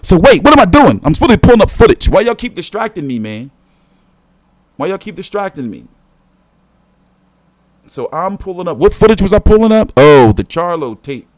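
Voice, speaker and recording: A man's voice: high voice, very animated, brisk, long pauses, no room sound. A man hosting a boxing talk stream, swearing a lot and rambling as he reacts to clips and talks back to his viewers. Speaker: boxing commentary host. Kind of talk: casual reaction commentary.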